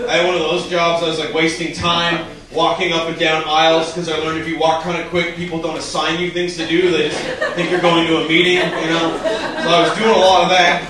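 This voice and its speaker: A man from Canada doing an animated stand-up comedy set on a club stage, building to shouts on the punchlines. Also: on the high side, fairly quick. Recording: echoey club from a distance, crowd laughing.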